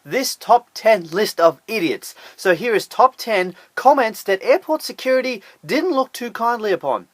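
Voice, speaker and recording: Animated, high-pitched sarcastic male host. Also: normal speed, few pauses, no echo. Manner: sarcastic, incredulous. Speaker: host of a top ten list channel. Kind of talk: scripted list commentary.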